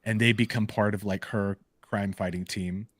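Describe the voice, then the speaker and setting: A man co-hosting a podcast, casually retelling comic book stories in an animated way with lots of "like" and "um". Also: on the low side, normal speed, dry recording. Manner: animated storytelling full of "like" and "um" fillers. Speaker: podcast co-host. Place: live podcast recording.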